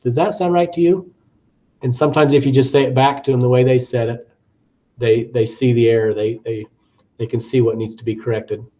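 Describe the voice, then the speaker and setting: A man's voice: medium pitch, flat delivery, a little fast, warm tone. A man giving recorded course commentary as a teacher educator, talking conversationally with frequent fillers, repeated words and acted classroom examples.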